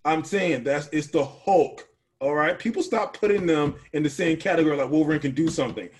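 A man co-hosting a casual podcast chat, animated, often restarting his sentences and talking over his partner. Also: a little high. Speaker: podcast co-host.

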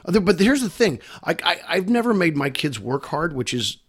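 A man's voice: fairly high pitch, very animated, fairly quick, breathy edge, no echo, studio quality. A middle-aged man from Missouri, a guest on a podcast, telling family stories in a chatty, self-deprecating way. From Missouri, USA. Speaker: guest, actor. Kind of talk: casual conversation.

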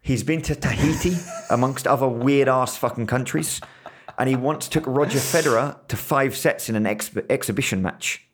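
A man's voice: mid-range voice, normal speed, slight background noise. A man hosting a casual podcast, teasing and joking in crude banter. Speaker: podcast host. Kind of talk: casual chat.

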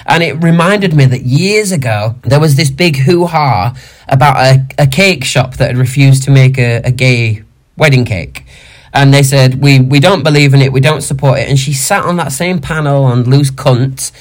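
A man co-hosting a podcast, ranting in an indignant, animated, sweary way. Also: medium pitch, moderate pace. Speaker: podcast co-host. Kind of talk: casual chat rant.

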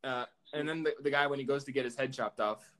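A young man co-hosting a casual chat with friends, animated and laughing, often quoting lines in put-on voices. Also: mid-range voice, quick pace.

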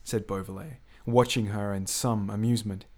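A man's voice: on the low side, moderate pace. Man reading a novel excerpt aloud. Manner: expressive reading with voiced dialogue. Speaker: reader of a book excerpt.

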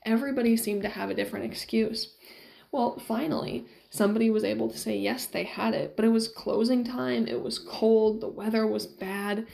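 Gravelly-voiced woman teacher retelling a story. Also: fairly high pitch, steady tone, normal speed, a little mellow. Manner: casual storytelling with quoted asides.

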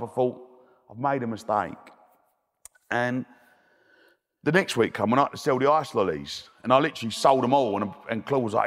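A man as a guest speaker, telling stories in a chatty, plain-spoken way and laughing often. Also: medium pitch. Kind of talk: storytelling. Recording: long hall reverb.

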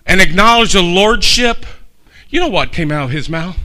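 Fiery older preacher man, bright voice. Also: high voice, animated, moderate pace. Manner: fiery, swings from hushed to shouting. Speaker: pastor. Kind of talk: sermon.

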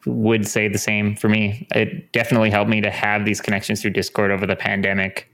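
A man's voice: lowish voice, fairly quick. A young man co-hosting a podcast, chatting casually and full of enthusiasm, with many fillers. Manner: relaxed, filler-heavy, enthusiastic about the show. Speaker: podcast co-host. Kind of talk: casual chat.

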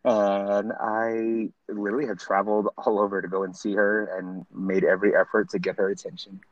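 Man, guest, campy drawl, fairly low voice, dry close sound. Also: flat delivery, moderate pace, no echo, highs cut off. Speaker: podcast guest. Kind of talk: casual chat.

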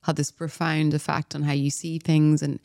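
A man's voice: fairly high pitch, little pitch movement, moderate pace, vocal fry, darkish tone, dry recording, studio quality. A man hosting an interview podcast, thinking aloud and searching for words as he reflects on his guest's story. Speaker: podcast host. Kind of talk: casual interview.

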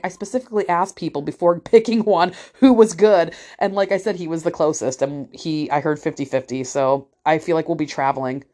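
Blunt, fast-talking mom with a lowish voice who vents in casual vlog style and does voices for the people in her story. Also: a little mellow. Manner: blunt, profane, acts out other people's voices. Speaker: parent telling a story.

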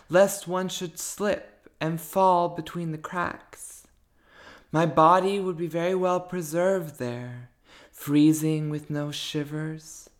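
A woman author talking about her writing and then reading her own prose aloud, thoughtful and searching for words. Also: lowish voice.

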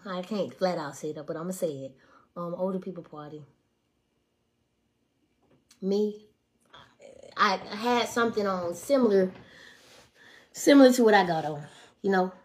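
A woman in her twenties telling stories on a casual livestream, blunt and profane. She swings between hushed asides and loud, animated outbursts. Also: fairly low pitch. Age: 20s. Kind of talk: casual storytelling to a live audience.

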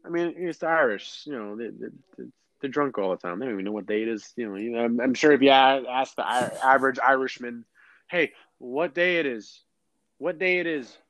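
A man's voice: mid-range voice, fast, no echo, highs cut off. Chatty rambling American man. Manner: rambling, animated, lots of fillers and restarts. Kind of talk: casual chat.

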